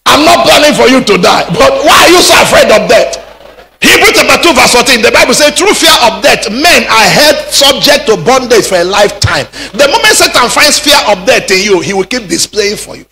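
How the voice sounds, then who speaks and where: A man preaching a sermon, rising into shouted peaks. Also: extremely high pitch, expressive, fairly quick, gravelly, soft background music. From Nigeria. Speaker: pastor.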